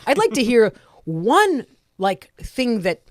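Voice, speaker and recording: A woman's voice: fairly high pitch, slow, no room sound, clean studio sound. A woman comedian hosting a podcast, ranting and mimicking people in casual political chat. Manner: animated, ranting, mimics people with put-on voices. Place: comedy club.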